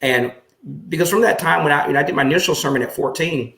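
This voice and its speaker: A man's voice: fairly high pitch, fast, vocal fry. Earnest male pastor in an echoey room. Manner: earnest, reflective, lively when retelling exchanges. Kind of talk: interview storytelling.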